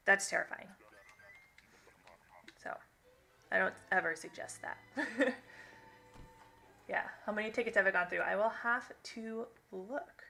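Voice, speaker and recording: A young woman talks casually to her viewers during a game stream, reading their comments aloud. She rambles and laughs often. Her voice is bright and crisp. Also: on the high side. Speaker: gaming live-streamer.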